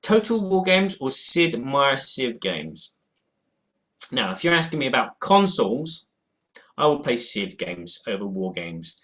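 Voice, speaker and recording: A man's voice: medium pitch, big pitch swings, a little slow, a bit bright. A man in a casual webcam chat about board games, answering viewer questions in a rambling, hesitant way with lots of fillers and restarts. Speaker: board game vlogger. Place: at home in front of a game shelf.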